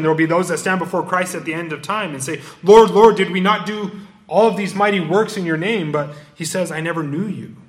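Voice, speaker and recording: A man's voice: a little high, a bit bright. A man preaching an expository sermon, quoting verses and explaining them. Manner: expository preaching, quotes and rereads scripture. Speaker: pastor.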